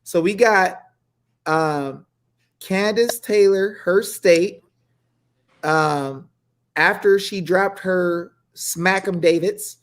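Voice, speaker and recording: A man co-hosting a casual political talk show, playful and quick to exclaim and laugh. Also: sits high. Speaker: co-host.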